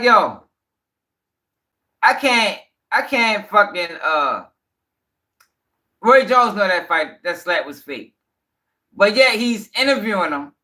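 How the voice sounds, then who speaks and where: Slangy commentary host, man, high bright voice, animated profane ranting. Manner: animated, slangy, swears a lot, laughs. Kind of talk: casual reaction commentary.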